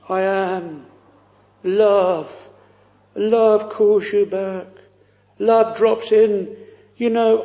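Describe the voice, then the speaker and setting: Slow, fervent preacher man in a hall. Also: high-pitched, dark tone. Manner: slow, fervent, with drawn-out pleading phrases. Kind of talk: sermon. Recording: dull lo-fi recording in a reverberant hall.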